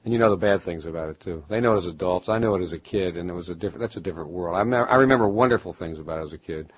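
A middle-aged man from Baltimore, a writer being interviewed, musing in a halting way with many restarts. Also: low voice, slightly rough, no echo, low-quality recording. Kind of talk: reflective conversational interview.

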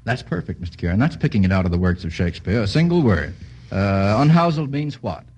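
Jovial, husky-voiced radio quiz host. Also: male voice, fairly low pitch, very animated, darkish tone. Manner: brisk, jovial, quick with quips. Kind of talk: vintage radio quiz hosting.

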